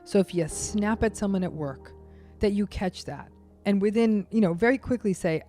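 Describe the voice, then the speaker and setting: A woman guest expert explaining narcissism in an interview, speaking emphatically and acting out quick quoted asides. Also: medium pitch, mellow, faint music behind. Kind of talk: interview conversation.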